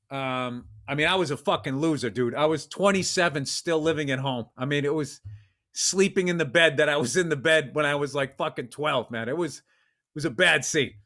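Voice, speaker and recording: A man from Massachusetts, co-hosting a podcast and telling a profane, animated story in casual chat. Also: fairly high pitch. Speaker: podcast co-host.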